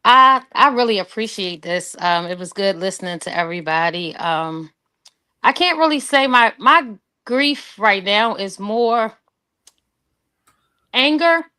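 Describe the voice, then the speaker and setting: A tearful woman speaking about her anger and loss in a halting, raw and emotional way. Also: medium pitch, animated, sharp tone, smooth. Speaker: guest sharing her grief. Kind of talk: personal testimony on a call.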